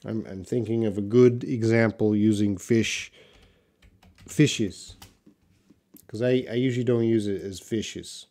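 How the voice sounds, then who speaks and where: Live-streaming an English lesson, a man reads questions from the chat and answers them casually, his thinking spoken aloud and packed with fillers. He talks at a measured pace in a fairly low pitch, pausing often.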